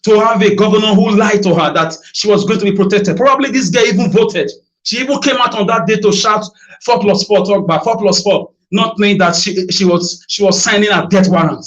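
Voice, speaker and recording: A man's voice: high voice, brisk, a bit bright. A Nigerian man making an emotional, accusing public appeal, repeating phrases for force. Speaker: citizen addressing a governor in a video. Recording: dull lo-fi video audio.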